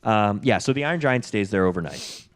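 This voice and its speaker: A young man from Canada, a podcast host, chatting casually and retelling a movie with quick character voices. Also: fairly low pitch. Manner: animated, puts on quick character voices while recapping.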